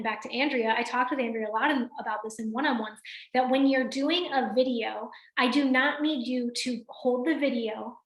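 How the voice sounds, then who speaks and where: A woman's voice: sits high, roomy sound. A woman leading a motivational team training on a video call, talking energetically and checking in with her listeners. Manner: energetic, addresses listeners directly with frequent "right?". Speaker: team coach.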